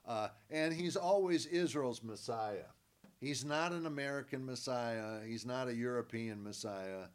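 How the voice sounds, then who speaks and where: A man teaching from scripture at an unhurried pace, his voice sitting at an ordinary middle pitch. He leans on key words by saying them again and again. He poses questions and then answers them himself. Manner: emphatic, repeats key words for stress. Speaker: Bible teacher. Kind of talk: Bible teaching.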